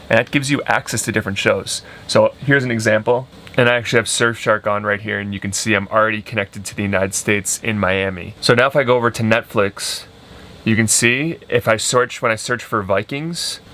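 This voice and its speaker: A man's voice: lowish voice, sharp tone. A young man chatting casually in a travel vlog and reading a sponsor spot in an easygoing, joking way. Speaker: vlogger.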